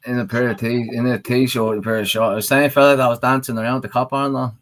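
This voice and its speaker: A man's voice: mid-range voice, level tone, quick pace, a bit bright, dry recording. A man in casual podcast chat, telling rambling stories and swearing freely. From Ireland.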